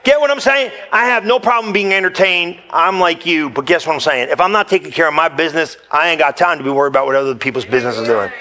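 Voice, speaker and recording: A man preaching a sermon in church, energetic and joking with the congregation, sometimes rising close to a shout. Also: fairly high pitch, fast talker, few pauses. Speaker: pastor.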